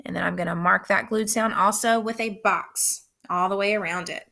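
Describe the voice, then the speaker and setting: A woman teacher giving a recorded phonics lesson for young children, speaking slowly and patiently with careful, clear enunciation. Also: mid-range voice, steady tone, bright, forceful tone.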